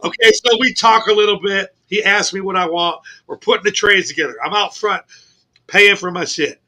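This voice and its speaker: A man co-hosting a casual sports radio show, telling a long funny story, cursing, laughing and shouting as he goes. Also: high-pitched, normal speed. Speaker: co-host. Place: radio studio.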